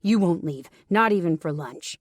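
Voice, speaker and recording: Z, a woman voicing a low insistent man. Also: animated, normal speed, dry recording, studio quality, close to an everyday voice. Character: protective, teasing grown man, a deputy lover.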